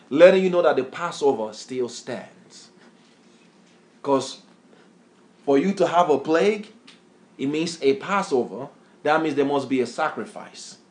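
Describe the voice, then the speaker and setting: A man preaching a bible lesson, emphatic, repeatedly quizzing a reader with questions. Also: fairly high pitch. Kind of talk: street-style bible teaching sermon.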